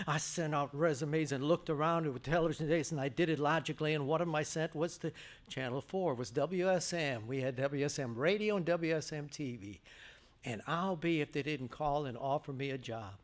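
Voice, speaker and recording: A man's voice: a little high, a little fast. An older man giving a banquet speech, telling stories with lots of acted-out quotes, stammers and restarts. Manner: animated storytelling, acts out quotes. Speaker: guest speaker. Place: church banquet hall.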